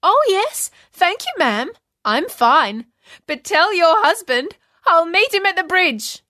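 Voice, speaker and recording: A woman voicing a clever, cheeky young girl with a high, bright voice. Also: very animated, no room sound, studio quality, full character voice. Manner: high, bright and quick-witted.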